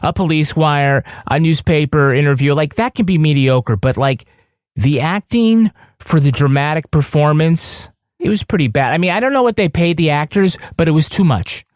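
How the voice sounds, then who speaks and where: A man's voice: a little high, expressive, moderate pace, no room sound, studio quality. A man co-hosting a podcast, chatting casually with wry jokes. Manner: wry and joking. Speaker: podcast co-host.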